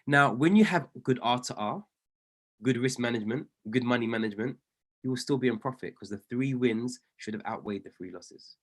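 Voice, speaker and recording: A man's voice: medium pitch, a little fast. Earnest man coaching on a group call. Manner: swings between loud pleading and hushed near-whispers; earnest, encouraging, repeats phrases for emphasis. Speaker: trading coach. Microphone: video call.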